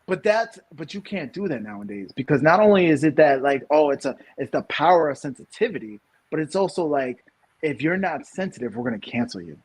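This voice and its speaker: A man in his thirties from New York co-hosts a casual podcast. His voice is a bit husky and sits a little high, and he rambles through repeated restarts before pushing out his main points. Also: sing-song, fairly quick. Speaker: podcast co-host. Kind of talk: casual opinion chat.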